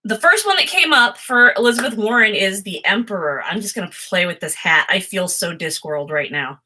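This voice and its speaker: A bright, clear-toned woman chatting her way through a tarot spread. She rambles and gets sidetracked, giggling as she goes, with a middling pitch. Her talk is loose and unscripted. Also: lively intonation, brisk, a little hiss or hum. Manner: rambling, easily distracted, giggly. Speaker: tarot reading streamer. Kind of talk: casual chatty tarot reading.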